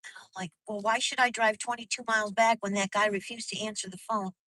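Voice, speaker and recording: A woman's voice: mid-range voice, fairly even intonation, fast, sharp tone, no echo, low-quality recording. A woman vlogger live-streaming from her car at night, venting in a rambling, profane, casual way to her viewers. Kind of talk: casual live-stream chat while driving.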